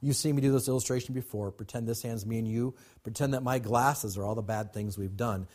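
Male pastor, husky voice, emphatic preaching with call and response. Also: mid-range voice, brisk, a little mellow. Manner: emphatic, repetitive, calls to the congregation. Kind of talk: sermon.

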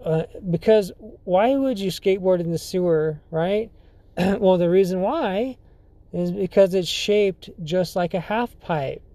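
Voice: mid-range voice, mellow, no echo. A podcast host telling a story casually, hesitant and full of fillers and restarts. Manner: halting, filler-heavy, often restarts sentences.

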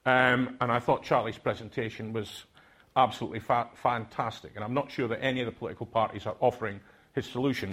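Older Scottish man, husky, mid-pitched, hesitant conference speaker. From Aberdeen, Scotland. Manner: hesitant, many filler sounds and restarts. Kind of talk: reflective speech to a conference audience.

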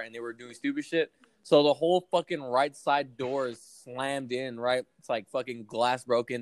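This young podcast co-host speaks at medium pitch in a dry recording. Telling his friends a long, meandering tale, he's casual and profane, stuffing his speech with fillers.

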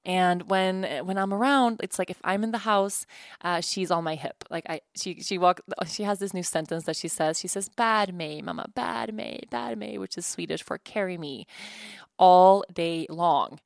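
A woman's voice: fairly low pitch, steady tone, moderate pace, no echo, clean studio sound. A woman in her thirties hosting her own podcast from home, talking candidly and casually, laughing often and restarting her sentences. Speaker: podcast host. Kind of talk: casual solo podcast chat.

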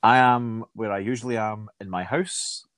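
A man's voice: on the low side, fairly even intonation, moderate pace, fairly bright tone, no room sound. Male podcast co-host, middle-aged, wry banter, dry close-miked sound. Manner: wry, jokey, does silly impressions. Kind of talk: casual chat. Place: at home.

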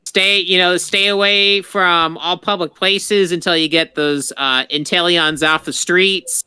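Bright, smooth-voiced joking man. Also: high-pitched, steady tone, measured pace, no echo. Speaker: podcast co-host. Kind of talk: casual podcast chat.

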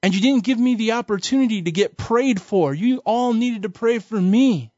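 An indignant young churchgoer, as a male preacher puts her on, pitched high and pleading that she was not prayed for. Her voice sits dry and close, without any room sound. It comes through on a dull, muffled recording. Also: lively intonation, normal speed, a little mellow, no room sound. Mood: upset. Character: upset young woman churchgoer demanding prayer.

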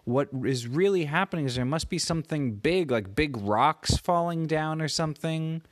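A man voicing a calm, reassuring mother in a bedtime story, in close to his own voice. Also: a little high, normal speed, dry recording, lightly acted. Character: calm mother of two girls.

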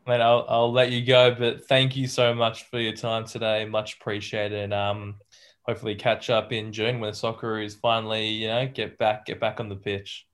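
A man's voice: lowish voice, level tone, moderate pace, fairly bright tone. A man hosting a podcast interview, asking questions in a friendly, matey way. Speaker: podcast host. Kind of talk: casual interview.

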